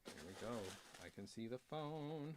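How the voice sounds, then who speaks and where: A man's voice: medium pitch, animated, measured pace, heavy background noise. A man hosting a casual unboxing vlog, rambling with self-deprecating jokes and chatty asides. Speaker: author and video host.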